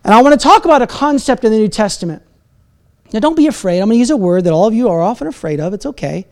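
A man's voice: high-pitched, animated, fast talker, darkish tone. Guy pastor giving a sermon, casual and jokey, pokes fun at himself. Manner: conversational and self-deprecating, with asides and laughter.

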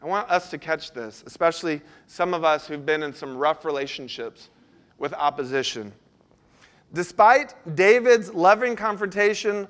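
A man delivers a sermon in a noticeably high, light voice. He talks to the congregation in an earnest, conversational way, often stopping to put questions to them. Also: a bit bright. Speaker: pastor.

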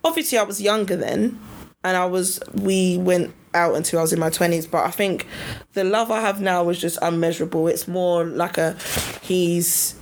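A woman's voice: fairly low pitch, steady tone, moderate pace, slight background noise. A woman in her twenties, co-hosting a podcast, chatting casually and reflectively, with some stops and restarts. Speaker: podcast co-host.

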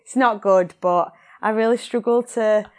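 A woman's voice: mid-range voice, a little slow. A woman answering interview questions candidly, hesitant and full of ums and yeahs. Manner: hesitant, candid, lots of um and yeah. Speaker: podcast guest.

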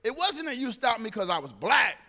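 A man speaking to a group, telling a personal story in an animated way and acting out the dialogue. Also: very high-pitched, a little fast, creaky, in a large hall.

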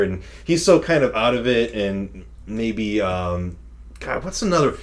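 A young man with a fairly low voice chats casually about a movie, rambling from one thought to the next. He laughs often and swears without a second thought. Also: animated, a little slow. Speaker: podcast co-host reviewing a movie. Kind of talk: casual chat.

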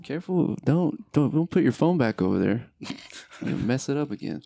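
A man's voice: mid-range voice, big pitch swings, moderate pace, creaky, dark tone. A middle-aged man hosting a podcast, telling a family story in a candid, reflective casual chat at home. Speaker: podcast host.

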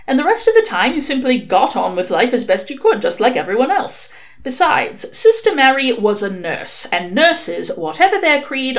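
A woman reading a novel aloud, telling it in an expressive, wry way. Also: fairly high pitch. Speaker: reader.

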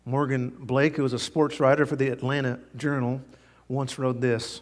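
A man's voice: mid-range voice, flat delivery, moderate pace, big-room sound. A man pastor preaching a sermon, telling stories in a folksy way with frequent fillers.

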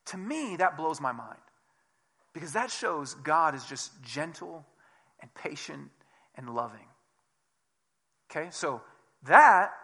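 A male pastor delivering a relaxed, conversational sermon. His voice sits a little high and sounds bright and forward. He acts out the people he quotes, jumping from quiet asides to loud, emphatic lines. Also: husky.

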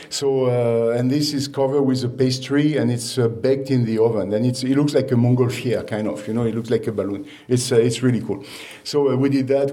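A chef and restaurant owner giving an informal talk to an audience, halting with many fillers and restarts. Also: male voice, medium pitch, warm tone. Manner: storytelling, laughs at own anecdotes.

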